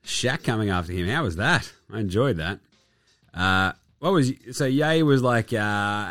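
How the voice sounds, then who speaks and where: A man's voice: lowish voice, expressive, a little slow, fairly bright tone, dry recording. An Australian man with a nasally, under-the-weather voice, hosting a podcast in a studio in a jokey, rambling, self-mocking way. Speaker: podcast host. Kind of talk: casual chat.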